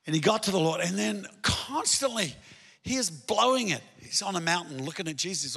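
High, gravelly-voiced male preacher. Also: brisk. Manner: animated, swinging from emphatic to hushed storytelling. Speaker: pastor. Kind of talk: sermon. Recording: long hall reverb.

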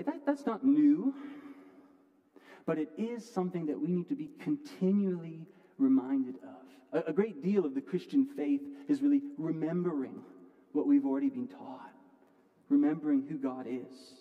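A man preaching a sermon from the pulpit, earnest, often restarting words and moving between loud and quiet passages. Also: fairly high pitch, normal speed, highs cut off. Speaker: pastor. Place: church sanctuary. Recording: long hall reverb.

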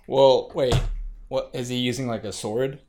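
A man's voice: mid-range voice, steady tone, measured pace, a little mellow, a little hiss or hum. A man co-hosting a podcast, teasing his partner with dry, skeptical questions and jokes. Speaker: podcast co-host. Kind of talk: comedic banter.

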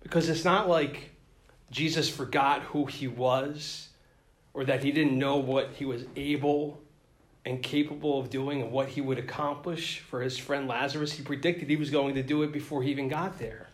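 A man's voice: mid-range voice, fairly even intonation, moderate pace, echoey room. A man reading a gospel passage aloud and then preaching an earnest, reflective homily. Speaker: priest or deacon.

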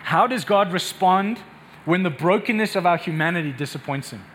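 A man's voice: sits high, normal speed, slight background noise. A man preaching a sermon with passion, often repeating words as he builds up. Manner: impassioned, repeats words when excited.

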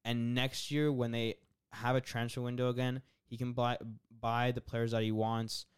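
A man chats at length about football opinions in a relaxed, rambling way, full of fillers and restarts. His voice is smooth and clear. It is recorded close with a dry, dead sound. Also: mid-range voice, moderate pace, dry recording. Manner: chatty, rambling, lots of fillers and laughs. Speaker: podcast co-host. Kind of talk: casual football chat.

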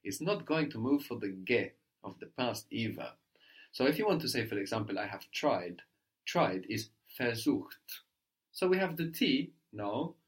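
A man's voice: medium pitch, big pitch swings. Patient male language teacher. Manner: patient, prompting questions, repeats answers slowly. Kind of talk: guided language lesson.

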